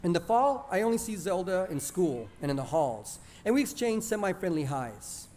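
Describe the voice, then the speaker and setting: Expressive male author reading aloud. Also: sits high, normal speed. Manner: lively, expressive storytelling. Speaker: author reading his stories. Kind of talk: live story reading.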